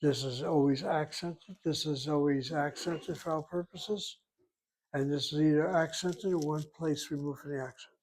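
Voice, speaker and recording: A man's voice: a little high, fairly even intonation, moderate pace, darkish tone. An older man teaching a Hebrew lesson, explaining rules methodically and repeating key points as he writes on a board. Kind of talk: classroom lecture at a whiteboard.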